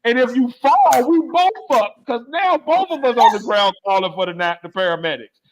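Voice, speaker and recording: A man's voice: extremely high pitch, moderate pace. A man co-hosting a podcast, going off on a comedic, profane, exasperated rant in casual talk. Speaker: podcast co-host.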